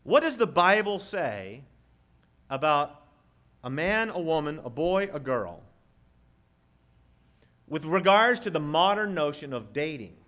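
A man preaching a sermon as a pastor, emphatic, with dramatic pauses and rhetorical questions. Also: on the high side, sing-song, fairly bright tone.

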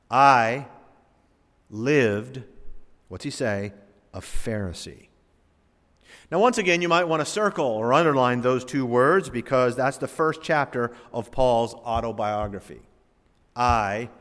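A man preaching a sermon, reading scripture aloud and explaining it dramatically, swinging between loud emphasis and hushed asides. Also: on the high side. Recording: long reverb of a large hall.

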